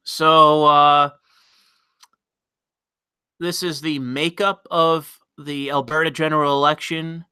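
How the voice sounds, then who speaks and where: A man hosting a casual livestream, reading the chat aloud and answering in a blunt, offhand way. His voice is bright and smooth, a little higher than most men's. The recording is close and dry, with no room sound. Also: fairly even intonation, very slow, pauses often, no echo. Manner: blunt, reads chat messages aloud, frequent fillers and restarts.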